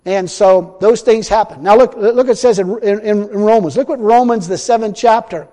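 Man, preacher, sermon, folksy, repeats phrases, loud then hushed, dark mellow tone, long reverb. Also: high-pitched, normal speed.

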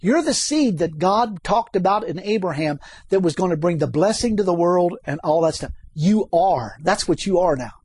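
Male preacher, high and husky, emphatic, asks the congregation questions, dry close sound. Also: expressive, normal speed, few pauses, a little mellow, no room sound. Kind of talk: sermon.

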